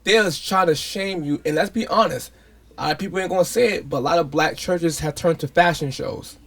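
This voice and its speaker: A man's voice: a little high, fairly quick. Blunt, sarcastic man co-hosting a podcast. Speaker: podcast co-host. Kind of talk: casual commentary.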